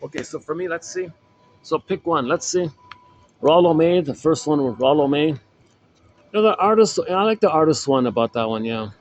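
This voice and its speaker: A man's voice: on the high side, animated, normal speed, a little hiss or hum, poor audio. A man casually coaching a self-help group, rambling and repeating himself as he explains an exercise. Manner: rambling, repeats words and restarts phrases.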